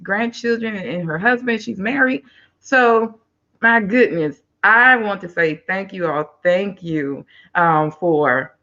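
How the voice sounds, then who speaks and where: A woman hosting a live online talk show over a video call, effusive and excitable, thanking viewers by name. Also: fairly low pitch, dull audio. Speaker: host.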